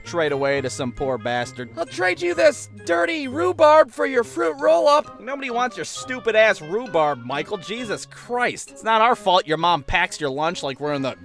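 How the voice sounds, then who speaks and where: A man delivering a comic storytelling monologue in a profane, exasperated, animated way. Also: fairly high pitch. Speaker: stand-up comedian.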